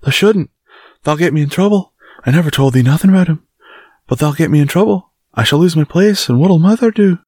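A man's voice: lively intonation, moderate pace, dry recording, clean studio sound. A man voicing an anxious young Yorkshire maidservant in a broad dialect, in a storybook reading. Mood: frightened. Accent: Yorkshire dialect put on. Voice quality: broad dialect, high frightened voice.

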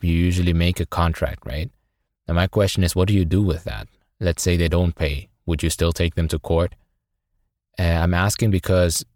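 A man's voice: low voice, a little mellow, no echo. A man whose first language is not English, asking a question in a polite, hesitant way with many fillers. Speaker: caller. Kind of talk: recorded audio question. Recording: dry clean home recording.

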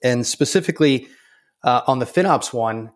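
A man being interviewed as a guest, talking in a relaxed way with many fillers and restarts. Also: mid-range voice, moderate pace. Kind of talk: conversational interview.

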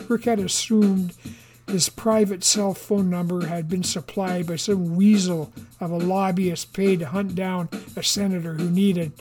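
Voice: medium pitch, darkish tone. Wry audiobook narrator over faint music. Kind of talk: scripted narration.

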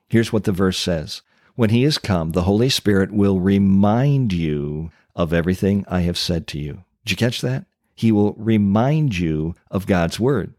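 A man preaching a sermon, teaching step by step with emphatic pauses and dramatic asides. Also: on the low side, a little mellow, dry recording, clean studio sound. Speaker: pastor.

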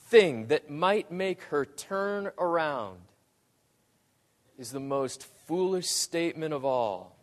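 A man preaching a sermon, dramatic in delivery, dropping to a hush and rising to loud pleas. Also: a little high, expressive, slow pace, big-room sound. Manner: dramatic, swings from hushed to loud.

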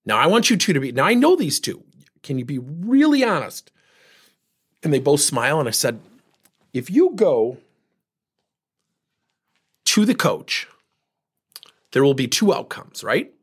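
Husky-voiced man telling an animated story. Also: a little high, unhurried, pauses often. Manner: animated, acts out both sides of conversations. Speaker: leadership speaker. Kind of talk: storytelling talk on coaching.

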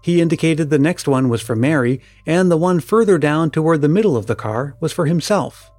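A man calmly reading a story aloud as narrator, with a measured delivery. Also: fairly high pitch, dry recording. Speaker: story reader.

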